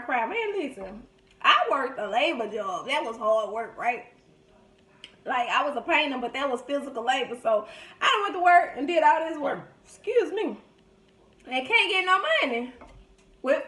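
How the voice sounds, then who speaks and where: A woman, animatedly retelling a story while eating. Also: sits high. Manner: animated, dramatic retelling with loud laughing outbursts. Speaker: mukbang vlogger. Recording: echoey room.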